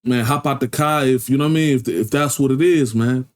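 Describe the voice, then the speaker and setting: A man tells a wild story in loose street slang. He keeps checking in with his listener and drives the story forward with animated energy. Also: mid-range voice, brisk. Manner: slangy, animated storyteller, frequent "you feel me". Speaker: reaction channel host. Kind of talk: casual storytelling reaction.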